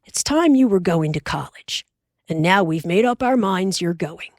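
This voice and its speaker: A woman reading an audiobook voices Pa, a cheerful, steady frontier father who talks in a hearty, reassuring way. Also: fairly low pitch, moderate pace, dry recording, studio quality.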